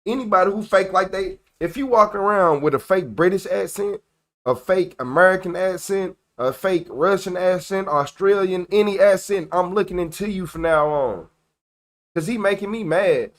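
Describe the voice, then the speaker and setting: A man's voice: high-pitched, normal speed, fairly bright tone. A man hosting a livestream, reacting to police footage in a blunt, slangy, exasperated way. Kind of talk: casual live reaction commentary.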